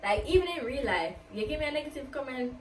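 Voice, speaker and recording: A YouTuber with a high, lively voice chats casually and quickly, answering get-to-know-me questions and saying "like" a lot. The recording sounds roomy, with her distant from the mic, plus faint ambience and slight background noise.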